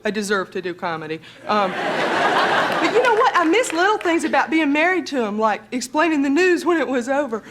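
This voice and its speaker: A woman's voice: high voice, sing-song. A woman with a Southern American accent performing stand-up comedy, wry and sassy with a drawl. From Georgia, US South. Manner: wry, sassy delivery with a drawl, pausing for laughs. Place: TV studio stage with live audience. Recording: noisy broadcast TV recording with loud audience. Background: audience laughter and applause.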